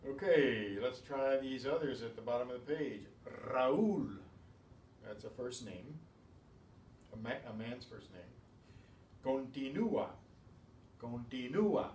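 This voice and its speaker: A man teaching a beginners' language class, calling out each word loudly and then explaining it more quietly. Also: mid-range voice, moderate pace. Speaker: Spanish teacher. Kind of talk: slow, patient pronunciation drill. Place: class room. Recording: roomy, from far off, faint hiss.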